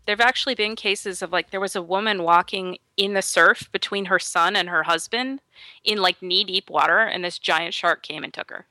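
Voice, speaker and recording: A woman's voice: lowish voice, normal speed, no room sound. A woman co-hosting a podcast, telling a story in casual chat and acting out the voices of the people in it. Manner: animated, acts out quoted voices.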